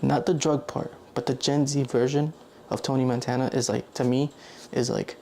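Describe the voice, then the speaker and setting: A young man speaks at a moderate pace in a mid-range, slightly mellow voice with vocal fry and fairly even intonation, over slight background noise. His vlog is a loose, rambling monologue full of self-corrections and the filler "like."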